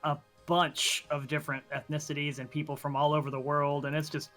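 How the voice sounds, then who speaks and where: Young man joking deadpan on a podcast. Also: a little high, a little fast, faint music behind. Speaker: podcast co-host. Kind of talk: casual chat.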